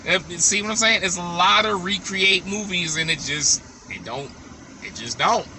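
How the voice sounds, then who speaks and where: A man's voice: high voice, moderate pace, bright, forceful tone, slight background noise. A man vlogging casually to his viewers, giving blunt, opinionated verdicts and repeating them for emphasis. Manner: talks straight to viewers.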